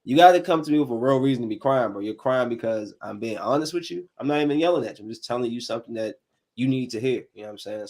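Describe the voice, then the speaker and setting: On a casual podcast panel, a host in his thirties tells animated stories in slangy language, acting out the quotes as he goes. His voice sits at a medium pitch.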